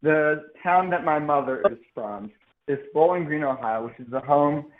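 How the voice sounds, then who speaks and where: A man's voice: on the high side, normal speed. A young man from Seattle calling in to a radio show, chatting earnestly in a slightly formal way. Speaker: caller. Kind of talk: casual chat. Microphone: phone. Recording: tinny phone line.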